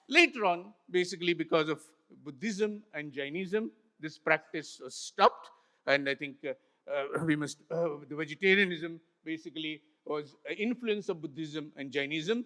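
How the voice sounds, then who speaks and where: An older man with an Indian English accent giving an illustrated talk to a festival audience, unhurried, with frequent pauses and fillers. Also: high-pitched, sharp tone. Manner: unhurried, many pauses and fillers, points at slides. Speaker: festival speaker. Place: large hall with an audience. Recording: hall reverb from a stage mic.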